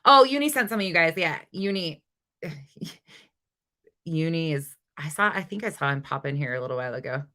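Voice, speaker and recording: A woman's voice: low voice, expressive, normal speed, bright, forceful tone. A woman hosting a casual livestream, talking bluntly and with exasperation, swearing freely and chatting with her viewers. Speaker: livestream host.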